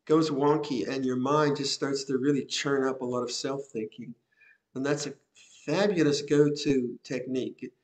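Older man, Buddhist teacher, unhurried reflective sermon, soft chuckles, slightly raised pitch. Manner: gentle, reflective, with soft laughs and repeated phrases. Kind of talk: Dhamma talk. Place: monastery hall.

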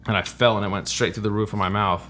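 A man's voice: on the low side, steady tone, quick pace, bright, forceful tone. A man, telling profane, rambling stories on a casual podcast. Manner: profane, rambling anecdotes with acted-out quotes. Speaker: guest, stunt biker.

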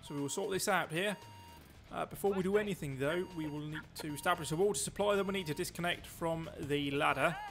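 A man giving excitable, chatty live commentary while he plays a game, joking to himself as he goes. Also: a little high, brisk, gravelly, faint music behind. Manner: excitable, talks loud, quips at himself. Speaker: streamer.

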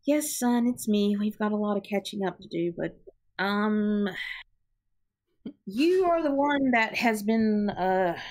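A woman voicing a gentle, soft-spoken mother in a tabletop game, speaking hesitantly. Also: medium pitch, lively intonation, takes it slowly. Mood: earnest.

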